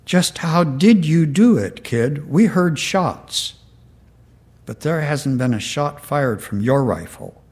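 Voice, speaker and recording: A man reading out the lines of a kindly, puzzled Marine sergeant who speaks gently and plainly. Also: a little high, sing-song, slow, slightly rough, full character voice. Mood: gentle, puzzled. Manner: gentle, plain-spoken, slightly folksy.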